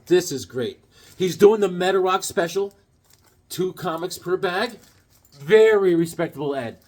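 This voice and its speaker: A man in his forties showing off a comic book haul, talking in an excitable, joking way, recorded at home on a camera mic. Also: a little high. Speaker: comic collector vlogger. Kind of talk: casual comic haul vlog with jokes.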